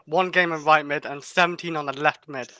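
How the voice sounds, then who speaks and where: A man's voice: a little high, fairly even intonation, fairly quick, bright, forceful tone, clear, resonant tone, dry recording. A man in a football chat who insists on his point, cites statistics, and laughs often.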